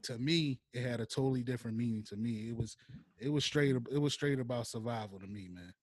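A man's voice: mid-range voice, fast, no echo, clean studio sound. A man on a podcast speaking earnestly and openly about hard times he went through. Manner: earnest, opens up about personal struggles. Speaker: podcast guest. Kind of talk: casual podcast chat.

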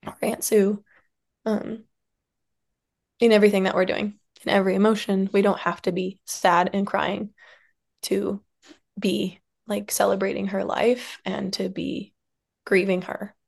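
A woman in her thirties talks gently and openly as an interview guest, her medium-pitched voice carrying a light fry. She speaks from the heart, trailing off into pauses and soft fillers. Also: level tone. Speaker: podcast guest, somatic practitioner and dance teacher. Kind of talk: reflective conversational interview.

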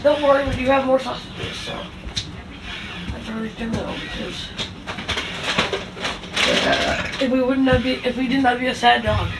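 A chatty woman swears and mutters to herself as she cooks in a home kitchen. Her voice sits a little high and back from the mic. Loud kitchen clatter runs under everything she says. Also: big pitch swings, moderate pace, pauses often, echoey room, far from the mic, very noisy. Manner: chatty, swears, talks to herself while working. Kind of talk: casual chat while cooking.

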